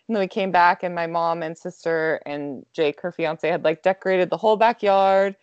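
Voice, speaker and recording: A woman's voice: lowish voice, normal speed, clear, resonant tone, no room sound. Chatty young woman, dull dry sound. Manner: chatty, lots of "like" fillers, laughs often. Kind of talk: casual storytelling chat.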